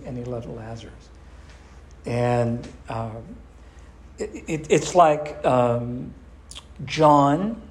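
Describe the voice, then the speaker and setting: A man's voice: mid-range voice, darkish tone, slight background noise. A man leading a group Bible study, teaching emphatically and calling on members by name.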